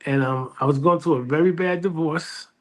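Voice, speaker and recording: A man's voice: a little high, normal speed. A man, a librarian telling his life story as an interview guest, with frequent restarts and acted-out quotes. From New York City. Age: 60s. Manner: lively storyteller who restarts phrases and acts out quoted voices.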